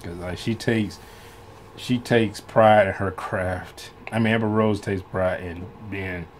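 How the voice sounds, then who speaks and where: A man's voice: low-pitched, steady tone, slow, a little hiss or hum. A man hosting a reaction video in casual, rambling commentary, swearing freely and laughing often between loose, restarting sentences. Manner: laughs often while talking.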